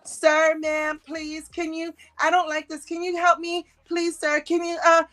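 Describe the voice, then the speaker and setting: A woman's voice: very high voice, completely flat delivery, unhurried, a bit bright, voice pushed up. A woman putting on the voice of a timid, scared woman who keeps pleading with strangers for help, in a meek, whiny tone. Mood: mock pleading.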